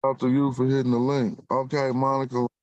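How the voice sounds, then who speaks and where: A man's voice: medium pitch, completely flat delivery, fast talker, darkish tone, no room sound, highs cut off. A man hosting a casual video call chat, talking in a laid-back, slangy, talkative way. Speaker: host of a video call show.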